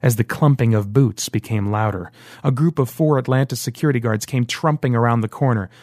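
A man narrating an audiobook in steady scripted storytelling. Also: mid-range voice, a little fast, no room sound, studio quality.

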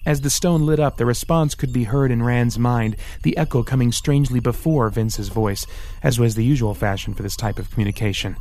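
A man narrating an audiobook in steady scripted storytelling. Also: medium pitch, a little fast.

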